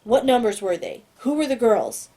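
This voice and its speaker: A woman voicing a cold, detached male government agent who questions a captive in clipped, flat sentences. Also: fairly high pitch, moderate pace. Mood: impatient questioning. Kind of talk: audiobook character voice.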